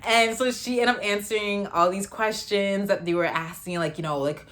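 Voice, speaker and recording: A woman's voice: mid-range voice, normal speed, few pauses, a bit bright. A woman in her thirties from Canada, chatting animatedly as she tells a storytime vlog. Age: 30s. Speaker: vlogger.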